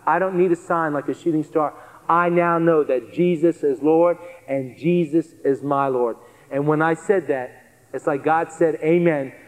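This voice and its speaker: A man telling his conversion testimony to a live audience, earnest and animated, repeating phrases for emphasis. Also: high voice. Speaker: guest speaker giving a testimony. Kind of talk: testimony sermon storytelling. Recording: long hall reverb.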